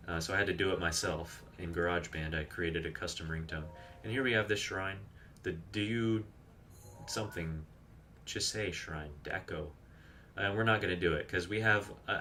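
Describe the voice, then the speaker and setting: Male streamer, deep voice, chatty and rambling, casual live gameplay talk. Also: sharp tone, a little hiss or hum. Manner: chatty, rambling, reads chat aloud and explains game tricks.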